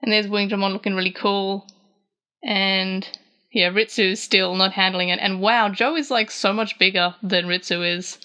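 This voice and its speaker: An Australian woman casually retells scenes from a manga chapter on her recap podcast, raising her voice for quoted dialogue. Her medium-pitched voice has fairly even intonation, a sharp tone, and a normal speed. She's chatty and uses lots of fillers and restarts.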